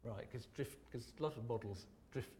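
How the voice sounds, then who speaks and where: A man's voice: mid-range voice, normal speed, dark tone, slightly rough. A man hosting a film Q&A, who asks his guest questions in a hesitant way, with many ums and restarts. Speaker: Q&A host. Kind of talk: casual interview chat.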